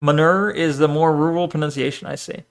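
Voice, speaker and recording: A man's voice: on the high side, normal speed, fairly bright tone. A man streaming and chatting casually, reading chat, swearing often and rambling between topics.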